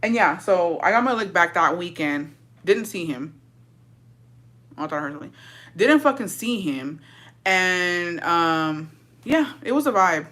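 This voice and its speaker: A young woman talks into her phone and headphones on a live stream, dishing a story with blunt, profane energy. Her voice sits fairly low but comes across bright and sharp, full of animated swings. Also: unhurried, long pauses.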